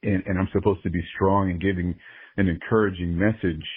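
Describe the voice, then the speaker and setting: Earnest low-voiced man, phone-quality audio. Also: fairly even intonation, brisk, breathy edge, no echo. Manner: earnest and openly emotional, reflective. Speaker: guest, sports ring announcer. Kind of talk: candid podcast conversation. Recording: phone-like narrow-band audio.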